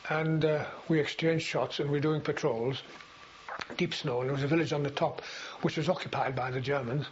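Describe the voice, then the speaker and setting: An older man reminisces in a rambling, unhurried way, often pausing on fillers and restarting his sentences. His voice sits a little high for a man. The recording is dull and lo-fi, with a faint hiss. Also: fairly even intonation. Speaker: veteran interviewee. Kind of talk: oral history recollection.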